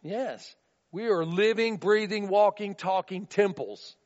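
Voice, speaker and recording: A man with a high voice preaches in a relaxed, conversational style, often checking in with his listeners. The recording is dull and muffled. His words ring out in the long reverb of a large room. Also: takes it slowly. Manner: conversational, asks listeners "right?". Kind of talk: sermon.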